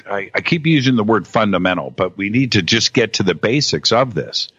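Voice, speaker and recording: A man in casual conversation as a guest, talking in halting bursts with many restarts and repeated words. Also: on the low side, fairly bright tone, dry recording. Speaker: podcast guest. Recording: dull lo-fi audio.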